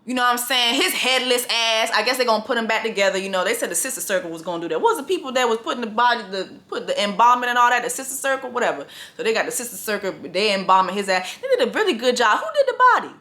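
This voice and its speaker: A woman recapping a TV episode in a casual comedic rant, profane and animated, acting out the characters and laughing often. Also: on the high side, racing, few pauses.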